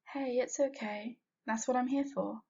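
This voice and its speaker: A woman voicing a kind, motherly aunt in a storybook reading, speaking in a gentle, reassuring way. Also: fairly high pitch, steady tone, a little slow, slightly rough, lo-fi sound, voice pushed up.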